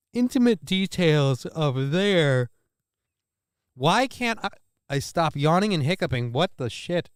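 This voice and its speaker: A man's voice: high-pitched, smooth, dry recording, clean studio sound. A man giving casual, rambling, sarcastic commentary as he reacts to a video.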